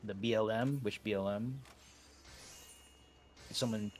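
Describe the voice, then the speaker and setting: A man leading a game raid over voice chat, talking in a relaxed, halting way with many fillers and restarts. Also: lowish voice, faint music behind. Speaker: raid leader.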